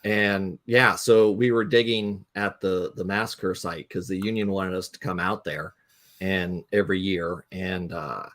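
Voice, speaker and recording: A man's voice: low-pitched, fairly even intonation, measured pace, a bit bright. A man, a guest game designer, telling a rambling anecdote with lots of fillers on a casual live talk stream.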